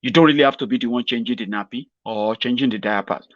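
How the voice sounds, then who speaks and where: A man's voice: medium pitch, quick pace, no room sound, lo-fi sound. A Nigerian man giving a rambling, mocking satirical political commentary to his viewers. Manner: mocking, rambling, chuckles at his own jokes.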